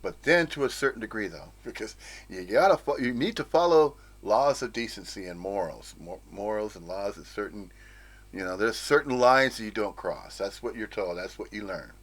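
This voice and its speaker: A man's voice: lowish voice, lively intonation, normal speed, fairly bright tone. A man from the United States giving an informal, rambling spiritual talk, with frequent chuckles and playful asides. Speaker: spiritual teacher.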